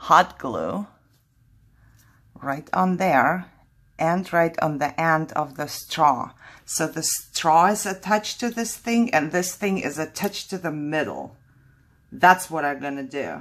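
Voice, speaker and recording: A woman's voice: lowish voice, fairly bright tone. A woman hosting a casual craft tutorial, chatty and thinking aloud, laughing at her own mistakes as she works.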